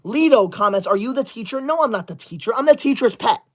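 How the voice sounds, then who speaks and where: A man voicing a prissy, self-righteous schoolboy livestreamer and teacher's pet, scolding and banning his viewers with quick outrage in a comedy sketch. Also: very high-pitched, animated. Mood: indignant scolding. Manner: indignant, scolding, easily outraged.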